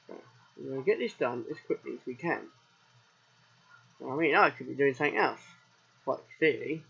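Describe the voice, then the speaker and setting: A man's voice: mid-range voice, expressive, normal speed, gravelly, long pauses, a bit bright, slightly rough. A man with a southern English accent, chatting and rambling straight to viewers as he streams a farming game. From England. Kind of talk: casual let's play commentary. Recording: dull lo-fi recording.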